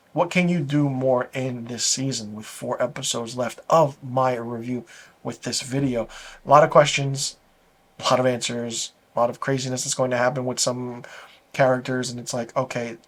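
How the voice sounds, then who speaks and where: A man hosting a casual video review, talking through an episode in a loose, rambling way. His speaking pitch sits in a middle range for a man. He sounds enthusiastic and keeps stringing thoughts together with fillers. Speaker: TV episode reviewer, channel host.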